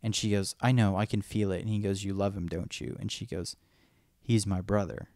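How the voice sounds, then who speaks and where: A podcast co-host chats casually and with enthusiasm, rambling and acting out movie lines in a fan conversation. His voice sits fairly low, with fairly even intonation, a slightly fast pace and a somewhat mellow quality. The studio recording is clean, with no echo.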